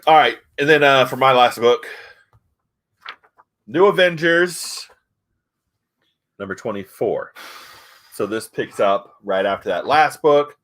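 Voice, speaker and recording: A man's voice: medium pitch, slow, long pauses, fairly bright tone. A man reviewing comic books in casual chat, retelling scenes and acting out the characters' lines.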